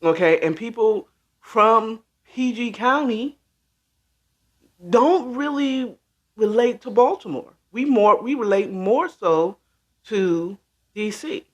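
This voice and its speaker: With lo-fi sound, a high-voiced middle-aged man hosts a casual livestream, speaking slowly and rambling straight to his viewers with frequent ums. He hails from the Washington, D.C. area, born in D.C. and raised in Maryland.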